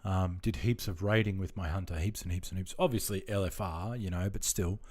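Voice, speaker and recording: A man's voice: sits low, a little fast, a little mellow. A laid-back Australian man chatting casually with viewers during a game stream, rambling and friendly with lots of fillers. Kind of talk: casual live-stream chat.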